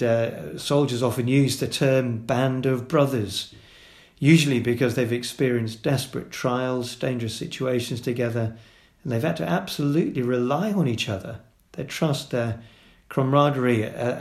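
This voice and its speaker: A pastor delivers a sermon in an earnest, steady voice of middle pitch. He pauses often with fillers and restarts while listing his points. The sound carries the reverberation of a roomy hall. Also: creaky.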